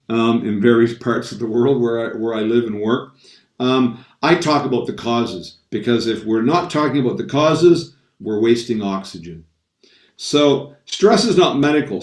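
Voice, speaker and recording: Male coach, emphatic talker with frequent restarts, mid pitch, distant roomy sound. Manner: emphatic, repeats key phrases, many restarts. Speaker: stress coach giving a talk. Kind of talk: motivational talk on a live stream. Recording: roomy echo, distant from the mic.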